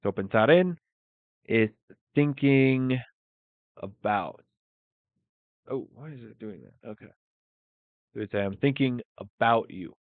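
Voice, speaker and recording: A man teaching English live, thinking aloud in a relaxed way and working Spanish phrases into the lesson. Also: mid-range voice, slow pace, pauses often, dry recording. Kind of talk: live-streamed language lesson. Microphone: phone. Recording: dry, phone-like sound.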